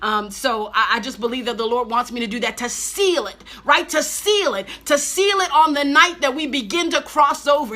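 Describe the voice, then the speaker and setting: A woman's voice: high voice, lively intonation, normal speed, hardly any pauses, pushed and bright. A woman preaching in a live-streamed teaching, fervent and emotional, repeating phrases for emphasis. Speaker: preacher teaching an online Bible study.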